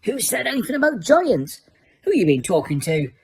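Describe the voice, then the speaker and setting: A huge bearded gamekeeper with blunt, dialect-heavy talk, as a woman reads him in a storybook audiobook. The voice sits higher and louder than her plain narration. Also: big pitch swings, moderate pace, a little hiss or hum. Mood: gruff. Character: huge gruff bearded gamekeeper man, secretive.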